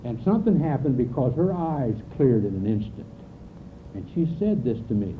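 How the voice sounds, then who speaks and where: A man's voice: mid-range voice, lively intonation, normal speed. A man giving a heartfelt, earnest personal recovery talk at a meeting. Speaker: AA speaker. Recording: hissy lo-fi 1980s tape, phone-like.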